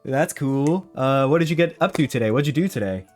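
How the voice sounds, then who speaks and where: A man's voice: medium pitch, animated, a little fast, darkish tone, faint music behind, voice pushed up, lightly acted. A man voicing a laid-back male surfer sea turtle who drawls and keeps saying dude. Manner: drawling, says dude constantly.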